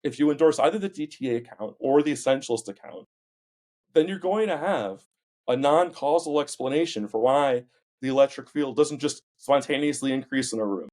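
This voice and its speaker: Man, philosopher guest, academic explanation, frequent pauses, mid pitch. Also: lively intonation, a little mellow. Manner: explanatory, many ums and uhs. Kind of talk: casual academic discussion.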